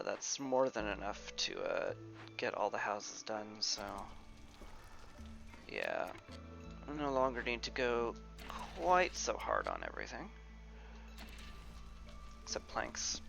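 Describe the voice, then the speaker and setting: Male gamer, gravelly and animated, casual playthrough commentary. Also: medium pitch, faint music behind. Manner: musing aloud, playful asides, drawn-out fillers. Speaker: video game player.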